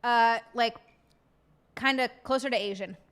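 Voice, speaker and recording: A woman's voice: fairly high pitch, unhurried, a bit bright, clean tone. A woman streamer chatting casually with her viewers while eating, often giggling. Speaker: live streamer. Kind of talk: casual live-stream chat.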